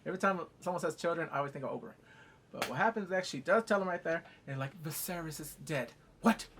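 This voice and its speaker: A man's voice: on the high side, rapid-fire, a little hiss or hum. A man giving a casual, profane recap of a TV episode. He acts out the scenes as he talks. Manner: animated, profane, acting out scenes. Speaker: TV show reviewer.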